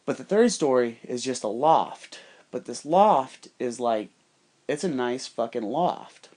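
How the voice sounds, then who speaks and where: A man's voice: mid-range voice, a little slow. Profane rambling male storyteller. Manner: profane, rambling, animated quoting of others. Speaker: podcast storyteller. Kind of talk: casual storytelling monologue.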